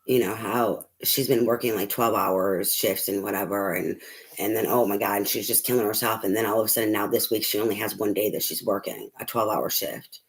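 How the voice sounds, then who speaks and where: Middle-aged male tarot reader, lowish voice, casual rambling monologue full of fillers, frank and unpolished. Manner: rambling, many fillers and restarts, frank with swearing. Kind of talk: casual personal talk to viewers.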